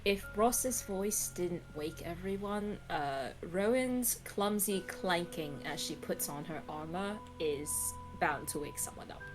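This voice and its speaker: Low-voiced woman playing a tabletop game. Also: slow pace, hardly any pauses, over music, rough recording. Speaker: player. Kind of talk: casual tabletop chat.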